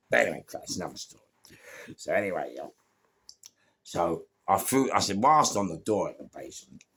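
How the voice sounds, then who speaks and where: A man's voice: deep voice, vocal fry, a bit bright, husky. A middle-aged man, telling a rambling, slangy anecdote and repeating himself as he goes. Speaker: storyteller.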